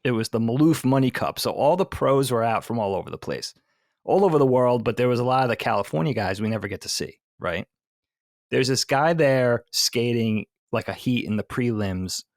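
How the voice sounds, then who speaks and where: A gravelly-voiced man from the Philadelphia area tells an animated story with quick asides. He is recorded on a dry, close podcast mic. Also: mid-range voice, dry recording. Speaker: podcast co-host. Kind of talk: casual chat, storytelling.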